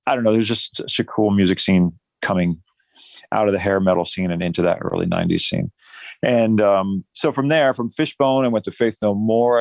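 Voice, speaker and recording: Man, middle-aged, from New Jersey, lowish voice, rambling, self-deprecating, casual interview talk. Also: gravelly, no echo. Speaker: musician guest.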